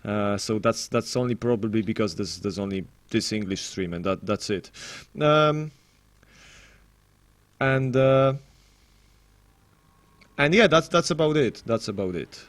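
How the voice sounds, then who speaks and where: A man's voice: fairly low pitch, unhurried, pauses often. A man casting an esports match on his live stream, rambling and self-deprecating with frequent restarts. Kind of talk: casual live stream commentary.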